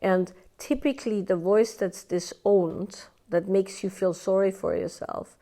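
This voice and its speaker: A woman teaching a live workshop speaks in a mellow, medium-pitched voice with fairly even intonation and a measured pace. She talks conversationally, often tagging lines with "right?" and "yeah," and acts out inner voices in quoted asides.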